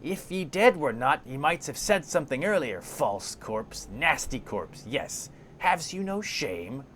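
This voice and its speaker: A man's voice: mid-range voice, huge pitch swings, unhurried, slight background noise, voice pushed up. A man voicing a cranky old woman who picks at corpses and mutters to herself in broken grammar. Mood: indignant. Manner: muddled grammar, talks to herself. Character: shrieking mumbling old female corpse-picker, cranky.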